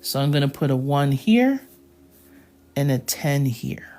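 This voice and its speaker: A woman's voice: a bass voice, sing-song, unhurried, warm tone. A woman teaching a live math lesson, explaining each step patiently and checking in with her students.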